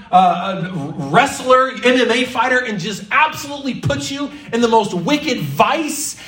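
A man preaching a sermon in a church hall, lively and theatrical, sometimes slipping into mock-panicked voices. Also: very high-pitched, recorded from a distance. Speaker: pastor.

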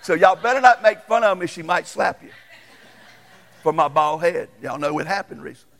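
A man's voice: sits high, gravelly, a bit bright, big-room sound. A middle-aged male pastor, preaching a folksy, conversational storytelling sermon. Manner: folksy, conversational, quick to chuckle.

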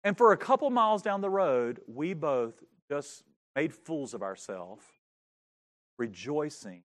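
A pastor spins a lively, self-mocking story from the pulpit. His voice runs high for a man and swings widely as he tells it. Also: a little slow. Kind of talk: storytelling sermon.

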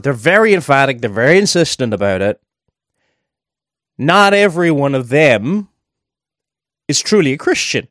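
A man's voice: medium pitch, a bit bright, dry recording, studio quality. A man preaching a sermon in a conversational way, thinking aloud and adding asides as he explains a verse.

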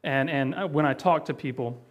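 A man's voice: medium pitch, brisk. A man pastor teaching Bible doctrine in a conversational way, with many fillers and restarts as he explains.

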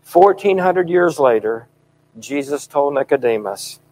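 A middle-aged man preaching a sermon in a fervent, emphatic style, his voice swelling loud at key points. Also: a little high, lively intonation, a little slow, low-quality recording.

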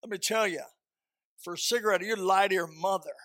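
A male preacher with a high, bright, ringing voice delivers a fervent sermon. He tells homespun stories, repeats his key phrases, and often climbs into loud, high-pitched outbursts. The sound is dry and close. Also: a little fast, no room sound. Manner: folksy storytelling with repeated phrases.

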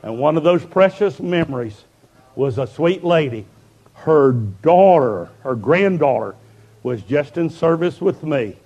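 A man preaching a revival sermon, telling stories fervently and building up to shouts. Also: fairly high pitch, animated, unhurried, slightly rough, dull audio.

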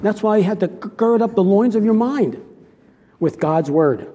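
A man's voice: high-pitched, animated, moderate pace, warm tone. Emphatic man preaching in a hall. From United States. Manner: emphatic, earnest, repeats phrases for stress. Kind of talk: sermon. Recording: long hall reverb.

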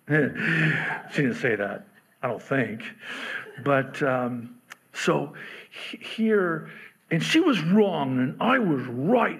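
A man's voice: medium pitch, animated, slow, gravelly, fairly bright tone, husky. A middle-aged man preaching a sermon as pastor, conversational and joking, acting out the voices in his stories. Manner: conversational and joking, acts out quotes.

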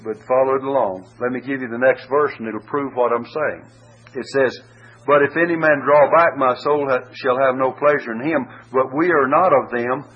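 A man delivers a sermon, reading Bible passages and hammering home single words with sudden upward jumps. His voice sits a little high with a husky edge. The recording is dull and lo-fi. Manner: emphatic, punching key words with sharp rises. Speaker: preacher.

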